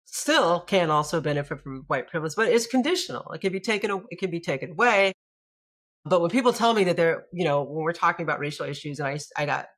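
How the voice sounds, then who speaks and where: A woman rabbi from the United States, speaking as a guest in a conversational interview, reflective and full of restarts, growing animated when she tells a story. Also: low voice.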